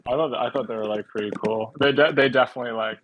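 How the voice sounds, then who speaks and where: A man in his thirties, a guest on a podcast, talking in a rambling, hesitant way full of fillers, with a gravelly voice. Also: mid-range voice, steady tone, quick pace, noisy background. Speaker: podcast guest, shoe designer. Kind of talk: casual chat.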